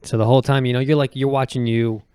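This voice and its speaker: A man's voice: mid-range voice, flat delivery, quick pace, mellow, smooth, no room sound. A young man chatting casually as a podcast co-host, joking and laughing often. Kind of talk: casual chat.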